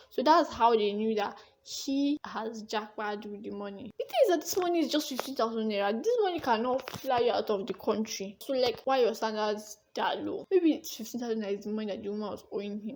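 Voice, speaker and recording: A young woman with a Nigerian accent tells a story to her camera in a casual, chatty way. Her voice sits a little high, and she slips into the voices of the people she describes as she goes. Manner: lively, acts out the dialogue she recalls. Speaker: vlogger.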